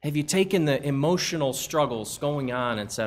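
A man's voice: a little high, normal speed, few pauses, a little mellow. A man preaching a church sermon, asking a string of rhetorical questions and reading scripture aloud. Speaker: pastor.

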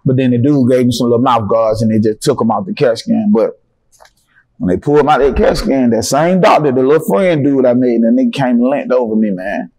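A young Atlanta man with a Southern accent tells a story as a guest in a relaxed interview. His voice sits at an ordinary middle pitch. He talks in a profane, animated way and keeps jumping into the voices of the people in his story. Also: fairly quick. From Atlanta, Georgia.

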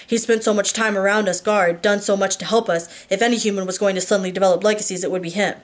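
A woman reading a first-person novel aloud, steady with small slips and restarts. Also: mid-range voice, fast talker. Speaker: audiobook reader.

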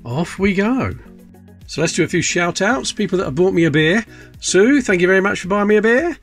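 Chatty guy sorting old pennies on camera, kinda high voice, bit of music in the back. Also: animated, brisk. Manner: chatty, self-mocking, muttering as he looks closely. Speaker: coin collecting channel host. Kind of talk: casual commentary while sorting coins.

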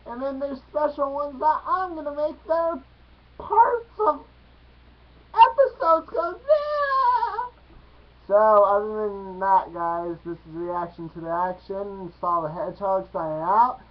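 A young vlogger hosting a casual reaction video, excitable and jokey, breaking into squeals and silly voices. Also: medium pitch, moderate pace, hardly any pauses. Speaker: YouTube reaction video host. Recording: muffled lo-fi recording.

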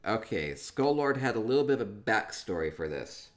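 A man's voice: fairly low pitch, big pitch swings, moderate pace. A man giving casual live-stream commentary as he tours player homes in a game, playful and rambling as he thinks aloud.

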